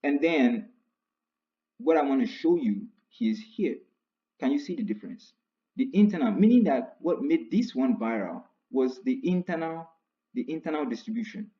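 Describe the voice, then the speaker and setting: Man walking through stats, emphatic repeats. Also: highs cut off. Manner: repeats phrases for emphasis, pitch jumps up when stressing numbers. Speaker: online writer explaining platform stats. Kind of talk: casual screen-share walkthrough.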